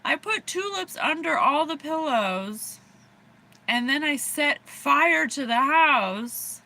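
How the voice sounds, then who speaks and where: American woman psychic, giggly and rambling, bright high voice, unhurried delivery. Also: expressive. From USA. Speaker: psychic reader. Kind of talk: casual livestream reading.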